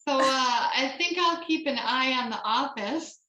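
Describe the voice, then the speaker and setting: A woman playing in a tabletop game, with a bright, sharp voice and a slow, relaxed delivery. Her words carry a roomy echo, as if she is speaking in a bare room. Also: high voice, slight background noise. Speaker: player. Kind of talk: casual chat in a tabletop game.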